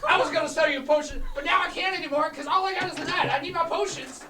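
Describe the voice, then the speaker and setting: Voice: high voice, lively intonation, normal speed, over a noisy crowd, pitched above the performer's own voice. A player doing a frantic fish-man potion peddler. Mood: despairing. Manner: frantic huckster patter, shouts and laughs. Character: rambling male catfish-blobfish potion peddler. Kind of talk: tabletop role-play. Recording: roomy, distant mic.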